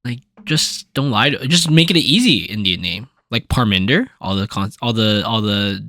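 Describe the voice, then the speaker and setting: A young man co-hosting a podcast, talking in a laid-back casual way, swearing freely and trailing off into low mumbles. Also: animated, moderate pace, bright, forceful tone, no echo, studio quality. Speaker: podcast co-host. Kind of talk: casual chat.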